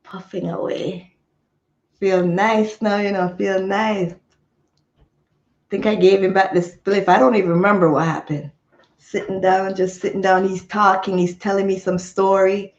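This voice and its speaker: A woman's voice: medium pitch, fairly even intonation, unhurried, muffled recording. A woman telling a rambling story to her live chat in a chatty way, laughing easily. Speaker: vlogger.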